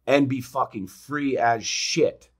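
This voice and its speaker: Male podcast co-host, mid-pitched, emphatic motivational talker who swears freely. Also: slow. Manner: emphatic, swears freely, acts out quotes with sudden loud jumps. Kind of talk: casual motivational talk.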